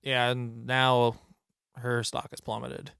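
A man co-hosting a podcast, chatting about a movie in a playful, jokey way with bursts of excitement. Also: mid-range voice, slow pace, creaky, smooth, no echo, clean studio sound. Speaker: podcast co-host. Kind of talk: casual movie review chat.

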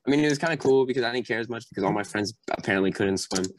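A young adult man as a podcast guest, telling animated stories full of fillers and acting out quoted voices with sudden high jumps. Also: very fast, background noise. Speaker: podcast guest, Marine recounting boot camp. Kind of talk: casual storytelling chat.

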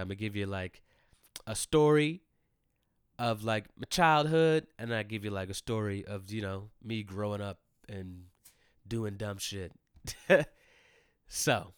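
A man ranting casually and comedically to his listeners, profane and animated, swinging between loud outbursts and low mumbled asides. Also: smooth, dry recording, clean studio sound.

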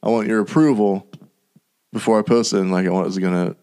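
A man's voice: fairly low pitch, steady tone, fairly quick, a little mellow, clean tone. A man chatting casually on a podcast, telling a story in a rambling way and laughing often. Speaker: podcast team member. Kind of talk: casual chat.

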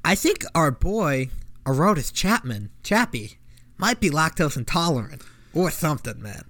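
A young man co-hosting a casual sports podcast, joking around in animated, slangy banter on a close mic. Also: on the high side, moderate pace, dry recording. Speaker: podcast co-host. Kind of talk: casual chat.

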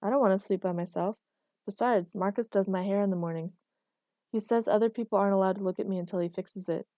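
A woman's voice: medium pitch, fast, dark tone, no echo, studio quality, lightly acted. A woman voicing a blunt, literal-minded young woman who asks frank, curious questions.

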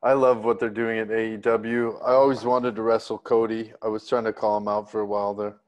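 A man as a guest in a casual interview, reflective and halting, often restarting his sentences. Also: lowish voice, level tone, darkish tone.

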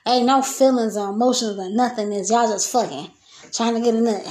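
A young woman hosts a solo podcast from her home kitchen, venting in a loose, profane rant full of laughter. Her voice is a little high and brisk, and heavy background noise fills the recording.

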